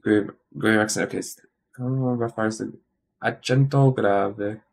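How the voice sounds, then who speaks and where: A tired man studying on a stream, thinking aloud in a halting, muttering way and sounding out practice words. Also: on the low side, fairly even intonation, gravelly. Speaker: language learner streaming study.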